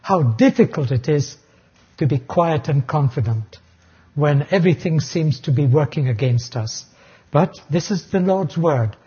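Man, preacher, sermon, slow deliberate delivery, very husky voice, earnest. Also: on the high side, expressive, warm tone. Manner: earnest, explains terms and restarts phrases. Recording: dull lo-fi recording.

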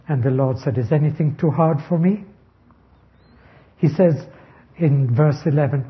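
Male preacher, slightly high voice, slow measured delivery, dull lo-fi recording. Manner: slow, deliberate, stressing key words. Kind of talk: expository sermon.

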